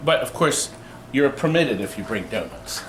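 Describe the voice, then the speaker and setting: A man's voice: medium pitch, expressive, moderate pace, reverberant, noisy background. A man hosting a casual, joking video from his arcade game shop, teasing his guests and staff with playful outbursts. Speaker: host of a pinball shop channel. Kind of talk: casual joking chat on camera.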